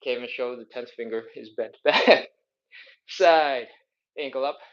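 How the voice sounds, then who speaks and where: A man's voice: mid-range voice, measured pace, highs cut off. A man leading a live follow-along flexibility workout, counting reps with upbeat cues and joking asides, a little out of breath as he exercises. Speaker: flexibility instructor.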